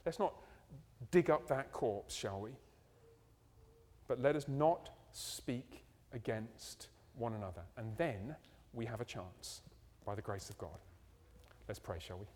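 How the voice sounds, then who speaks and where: A man preaching a sermon, animated and full of rhetorical questions. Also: mid-range voice. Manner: animated, rhetorical questions, ending in slow hushed prayer. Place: church. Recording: church hall reverb.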